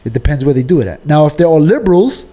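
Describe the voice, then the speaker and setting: A man with a New York accent, co-hosting a casual podcast debate, arguing his point, often clearing his throat and restarting sentences. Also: a little high, very animated, fast talker, warm tone. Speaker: podcast co-host.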